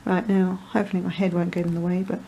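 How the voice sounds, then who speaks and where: Crafter woman, mellow and gravelly, rambling tutorial chat with muttered asides. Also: fairly low pitch, flat delivery, fast, highs cut off, a little hiss or hum. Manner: rambling, chatty, self-deprecating asides, muttering to herself. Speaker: card-making crafter.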